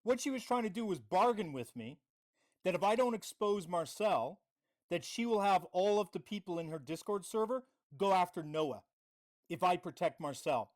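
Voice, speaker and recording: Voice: medium pitch, expressive, moderate pace. A livestream host giving confrontational commentary, reading out messages and mocking the other side. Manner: reads out chat messages.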